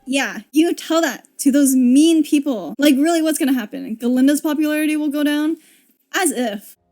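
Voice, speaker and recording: A young woman giving casual movie commentary, expressive, laughing and swearing as she reacts. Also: high voice, normal speed, faint music behind. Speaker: video creator.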